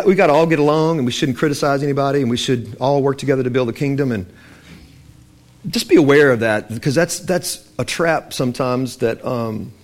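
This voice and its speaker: A man preaching a sermon in a loose, conversational way, acting out the voices of Bible figures as he tells the stories. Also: medium pitch. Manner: loose and conversational, with restarts and fillers.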